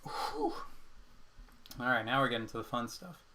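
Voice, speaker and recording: A man's voice: medium pitch, lively intonation, normal speed, background noise. A man streaming a puzzle game from home, chatting casually and out of breath from exercising between puzzles. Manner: counts exercise reps aloud between chatty asides. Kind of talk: casual chat while playing a puzzle game.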